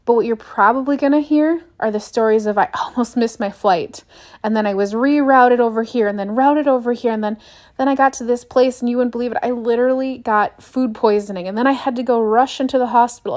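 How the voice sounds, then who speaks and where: A woman's voice: fairly high pitch, a little fast, darkish tone. Upbeat woman hosting a solo podcast. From United States. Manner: earnest, upbeat, acts out little quoted scenes. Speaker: podcast host. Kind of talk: solo motivational podcast talk.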